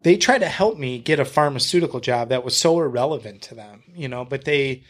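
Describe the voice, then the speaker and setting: A man from Michigan is talking as a guest on a podcast. He tells his stories in an animated way and acts out the lines other people said. He swears freely and keeps the tone loose and conversational, with a voice of ordinary pitch for a man. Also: fairly quick.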